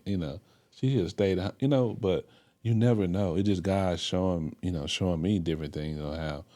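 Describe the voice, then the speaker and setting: A man with a very deep, dark, mellow voice hosts a faith podcast. He reflects in a loose, preacherly way, leaning on filler phrases and warm affirmations. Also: moderate pace. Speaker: podcast host, pastor. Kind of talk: casual interview chat.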